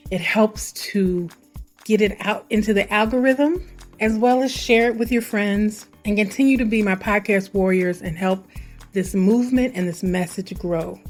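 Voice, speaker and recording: A woman from Missouri hosting her podcast in a chatty, enthusiastic, rambling way. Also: mid-range voice. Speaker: podcast host. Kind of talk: casual podcast monologue.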